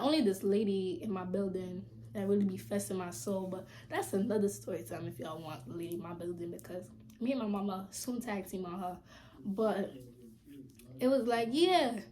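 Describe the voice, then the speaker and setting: A young woman vlogger telling a storytime, animated and blunt, acting out quoted lines with loud bursts and casual swearing. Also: mid-range voice. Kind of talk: storytime vlog.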